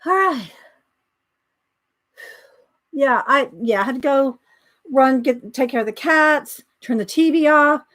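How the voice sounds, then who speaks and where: A middle-aged woman hosting a casual livestream from home, chatting and answering viewer comments. She is a little out of breath. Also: a little high. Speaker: livestream host.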